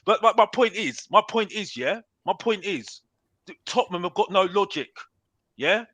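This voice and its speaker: A man's voice: high-pitched, animated, normal speed, pushed and bright, dry recording. A man ranting in a heated football debate, repeating "bruv" and talking over the others. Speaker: panelist on a football talk show.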